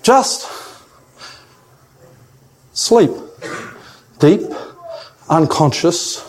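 A man's voice: a little high, expressive, drawn-out words. An older man preaching a sermon, emphatic and repeating his key phrases. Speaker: pastor.

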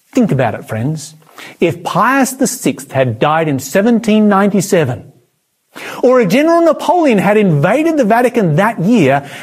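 A man's voice: high voice, breathy edge. A man preaching a prophecy sermon, emphatic, with dramatic rises and drops in his voice.

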